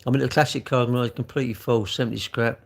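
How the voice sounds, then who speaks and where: A man's voice: mid-range voice, steady tone, fast talker, vocal fry. A middle-aged man, chatting casually on a livestream and answering viewer comments in a rambling way, full of tag questions.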